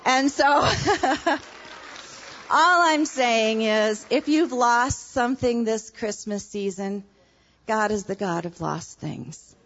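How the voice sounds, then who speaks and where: A woman hosting a church women's event and introducing the next speaker, earnest with playful asides. Her voice sits fairly high. The recording sounds dull and lo-fi. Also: takes it slowly, a bit bright. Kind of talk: sermon-style introduction.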